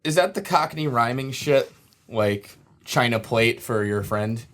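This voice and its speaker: A man's voice: mid-range voice, a little slow. A man from New Jersey co-hosting a casual comedy podcast, joking and laughing a lot. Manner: lively, jokey, laughs a lot. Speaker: podcast co-host.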